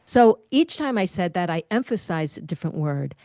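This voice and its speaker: Middle-aged woman coaching on public speaking, expressive, plays with her voice, dry sound. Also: lowish voice, normal speed, no echo. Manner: expressive, demonstrates voice habits. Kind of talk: interview guest giving advice.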